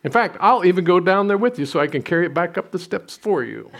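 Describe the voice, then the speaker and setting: A man's voice: high-pitched, expressive, fast, creaky, fairly bright tone. A man in his sixties preaching a sermon, telling stories with self-deprecating humor and some restarts. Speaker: pastor.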